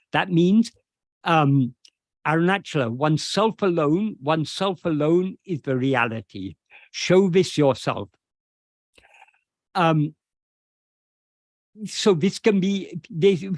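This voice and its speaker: A man with a somewhat high voice explains a devotional verse line by line. He talks slowly and deliberately, pausing often with hesitations. The sound is dry and close, with no room around it. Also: dry recording. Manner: slow and deliberate, with many hesitations. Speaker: spiritual teacher.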